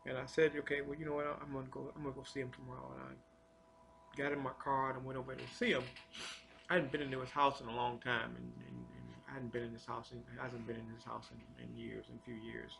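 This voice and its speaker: Gravelly man, halting testimony. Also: medium pitch, flat delivery, a bit bright, slight background noise. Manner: halting, repeats words and restarts often; earnest and confessional. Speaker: storyteller sharing a personal testimony. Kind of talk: personal spiritual testimony.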